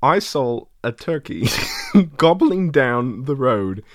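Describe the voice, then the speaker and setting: A man's voice: medium pitch, sing-song, takes it slowly, no echo. A man putting on a clumsy British-accented impression of a famous older actor, telling a silly story and slipping out of the accent. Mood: playful. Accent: attempted British. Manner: slipping, half-laughing attempt.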